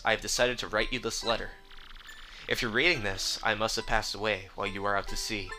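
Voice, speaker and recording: A man doing a grieving old sailor bomb. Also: fairly low pitch. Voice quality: soft, hushed and mournful. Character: old male sailor bob-omb, grieving widower.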